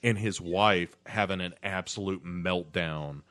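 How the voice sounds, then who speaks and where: Rambling man, lowish voice. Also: unhurried, a bit bright. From United States. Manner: rambling, many fillers and restarts. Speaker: podcast co-host. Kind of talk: casual chat recapping a TV episode.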